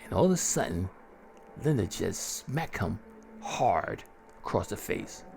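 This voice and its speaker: A man telling a horror story in the first person with gleeful, chuckling relish. His voice is gravelly and unhurried, with a lively rise and fall, and music plays underneath. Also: fairly low pitch, noisy background. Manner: gleeful, chuckling, slow and drawn out.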